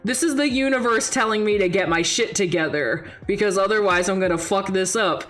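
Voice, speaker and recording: A young woman streamer telling a story in casual chat, animated, often laughing and acting out the voices of people she quotes. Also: medium pitch, a little fast. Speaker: vtuber streamer. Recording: faint music behind the voice.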